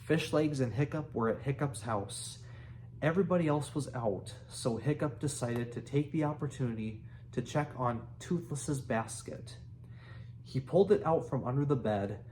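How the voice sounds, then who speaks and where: A man slowly reading a children's novel aloud, halting and correcting himself now and then. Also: medium pitch, darkish tone, slight background noise. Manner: slow, halting reading with restarts. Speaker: reader.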